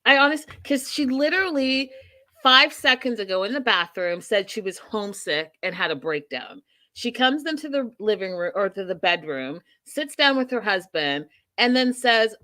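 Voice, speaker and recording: A woman hosts a casual reality TV recap show with a bright, fairly high voice. She talks with animation, slipping into quick put-on voices to act out quotes and laughing often. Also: animated. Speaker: host.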